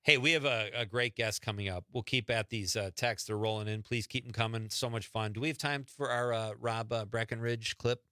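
A man's voice: mid-range voice, steady tone, brisk, few pauses, bright, forceful tone, no echo, clean studio sound. A man hosting a late-night call-in radio show, easygoing and chuckling as he reads listener texts. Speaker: radio host. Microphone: studio microphone.

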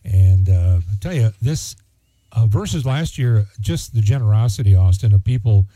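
A man's voice: on the low side, lively intonation, moderate pace, mellow, no room sound. A man hosting a local radio charity auction, reading out winning bids in a folksy, chatty way with plenty of fillers. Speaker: radio host.

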